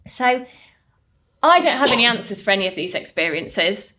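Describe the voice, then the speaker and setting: A woman's voice: big pitch swings, moderate pace, pushed and bright, a little hiss or hum. A woman, a therapist telling stories in a recorded talk to a group. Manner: earnest storytelling, slightly higher pitch.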